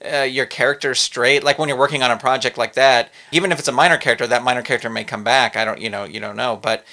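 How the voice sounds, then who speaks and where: Bright-voiced host asking rambling questions. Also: male voice, mid-range voice, fairly even intonation, fast talker. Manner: friendly, hesitant questions with fillers. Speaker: podcast host. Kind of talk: casual interview questions.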